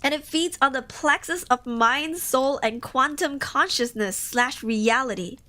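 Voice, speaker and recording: A woman reads spooky tales aloud on a live stream in a high, bright voice. She reads in a casual way and breaks off into emotional reactions and swearing. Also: measured pace. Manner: emotional, cries and exclaims between passages. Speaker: streamer reading horror stories.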